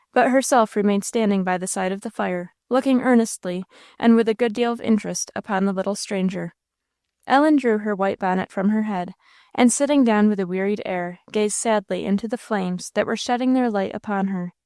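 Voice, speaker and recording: A woman reading a classic novel aloud in steady storybook narration. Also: mid-range voice, normal speed, dry recording, clean studio sound. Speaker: audiobook narrator. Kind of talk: scripted narration.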